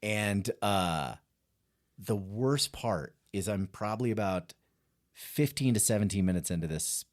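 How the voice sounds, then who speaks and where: A male stand-up comedian telling a story as a podcast guest, animated and self-mocking, often laughing as he talks. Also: on the low side, measured pace. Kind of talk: casual storytelling chat.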